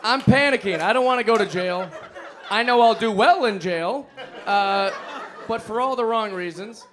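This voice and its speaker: Stand-up comic, male, high voice, giggly storyteller, faint audience. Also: normal speed, some chatter behind. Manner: excitable, laughing through his lines. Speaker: stand-up comedian. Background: audience laughter.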